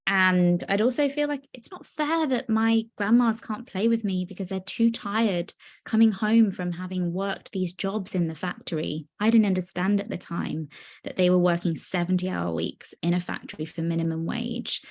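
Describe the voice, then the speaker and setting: A young woman giving an earnest, personal talk on a video call, with many pauses and fillers. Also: fairly low pitch. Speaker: guest speaker. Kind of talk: virtual presentation.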